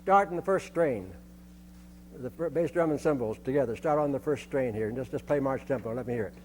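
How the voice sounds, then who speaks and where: A man's voice: mid-range voice, brisk, background noise. An older man conducting a band rehearsal, giving instructions and singing rhythms on short syllables, often repeating his phrases.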